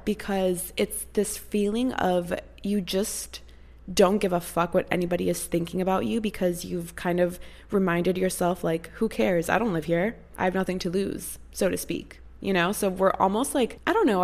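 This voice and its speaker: Gravelly, low-pitched young woman vlogging. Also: a little mellow. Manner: chatty, gushing, rambling with many fillers. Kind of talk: casual storytime chat.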